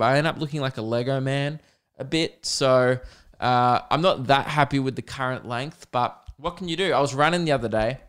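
Hosting his own podcast, a young Australian man talks in a rambling, casual monologue, laughing often and swearing freely. His voice sits at a fairly high pitch and sounds smooth.

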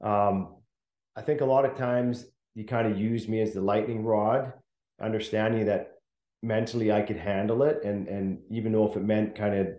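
A man's voice: lowish voice, dark tone, echoey room. A middle-aged man, a former hockey player, telling laughing stories as a guest in a casual interview. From Canada. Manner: laughs often, chatty, many restarts.

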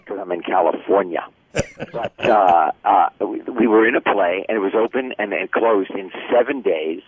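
A man's voice: sits low, moderate pace. An older man chatting casually as a guest, telling stories and jokes. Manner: chatty, jokey storyteller. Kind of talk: casual chat. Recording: tinny phone line.

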